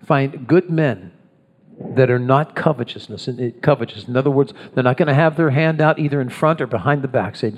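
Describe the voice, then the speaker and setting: With a medium-pitched voice and a brisk delivery, this pastor preaches in a conversational style. He keeps starting his phrases over and performs voices for the characters, all inside a long, echoing hall reverb.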